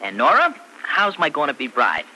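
An actor playing a playful, teasing young groom-to-be in a 1940s radio drama. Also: male voice, fairly high pitch, huge pitch swings, normal speed, sharp tone, a little hiss or hum, exaggerated voice, poor audio. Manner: teasing, joking.

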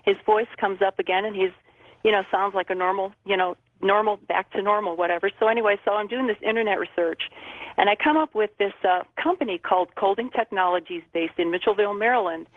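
A woman's voice: mid-range voice, fast, dry recording. A woman from Arizona phoning in to a radio show, telling a long, meandering story. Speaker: caller. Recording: tinny phone line.

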